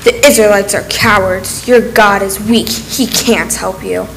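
A woman's voice: mid-range voice, steady tone, measured pace, creaky, faint music behind, low-quality recording. A woman voicing a boastful giant male warrior in a children's church story, taunting and scornful.

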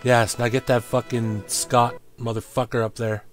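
A man streaming a game, cursing, shouting at enemies and grumbling about the game as he plays. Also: mid-range voice, level tone, moderate pace. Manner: profane, frustrated outbursts and yelling at the game. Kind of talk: live gameplay commentary. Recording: game music behind voice.

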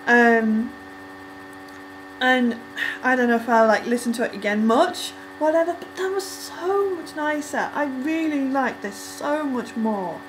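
A young woman casually reacting to a music video, rambling with lots of ums and likes and breaking into excited squeals. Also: high voice, unhurried, poor audio.

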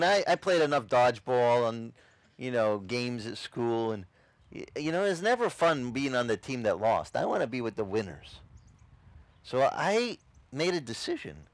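A man's voice: mid-range voice, dry recording. A man preaching, a pastor telling a testimony in a dramatic, storytelling way and acting out the scenes he describes. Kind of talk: testimony sermon. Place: outdoor beach service.

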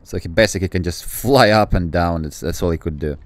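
Deep-voiced excitable gaming commentator man. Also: brisk. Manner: excitable, swears then apologizes, rambling asides. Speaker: gameplay commentator.

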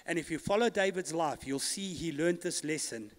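Give me a man preaching a sermon in a long-echoing hall, with a high voice and emphatic calls to the congregation. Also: brisk, hardly any pauses. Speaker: pastor. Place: church hall.

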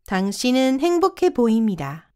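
Female prompt reader for a lesson: very quick, lively pitch, slightly high voice. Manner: reads each short prompt once, crisply. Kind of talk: brisk reading of Korean prompts.

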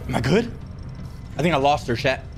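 A man's voice: medium pitch, animated, fairly quick, slight background noise. A young man streaming a horror game, panicking, yelping and muttering to himself. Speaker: gaming streamer. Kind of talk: live horror game commentary.

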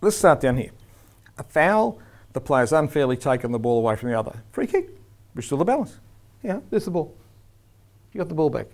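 A man giving an instructional lecture to referees, speaking emphatically and demonstrating the firm and soft tones a referee should use. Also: on the high side, very animated, brisk, pauses often.

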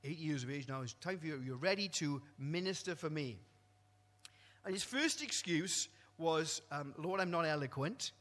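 A man with a fairly high, bright, forceful voice delivers a sermon, jumping from loud, ringing exclamations to hushed, low asides. His voice rings with the long reverb of a church hall. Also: expressive, moderate pace. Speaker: preacher.

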